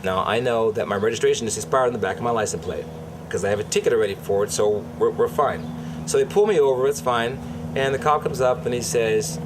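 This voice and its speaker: A man recounting a police traffic stop, acting out the officer's shouting in a lively storytelling voice. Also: medium pitch, fairly quick. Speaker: dispensary promoter recounting an arrest.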